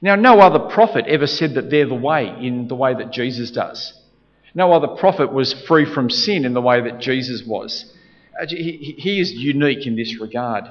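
Preacher in a reverberant hall. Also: male voice, medium pitch, animated, moderate pace. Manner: earnest, repetitive emphasis with frequent restarts. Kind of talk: sermon. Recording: dull reverberant hall sound.

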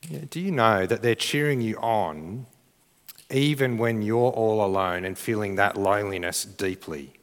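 A man's voice: lowish voice, moderate pace. A man preaching a sermon in a conversational, earnest way, often restarting his phrases. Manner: conversational, restarts phrases, rises to shouted crowd cheers. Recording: long reverb of a church hall.

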